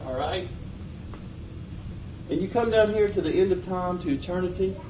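A man preaching a folksy, animated sermon, chuckling as he tells stories. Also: normal speed. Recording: muffled, low-fi with faint noise.

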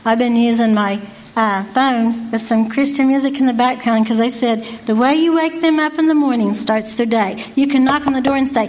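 A woman's voice: fairly high pitch, normal speed, a little mellow, rough recording. A woman giving an informal Christian devotional talk, earnest and folksy, asking one rhetorical question after another. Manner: folksy and repetitive.

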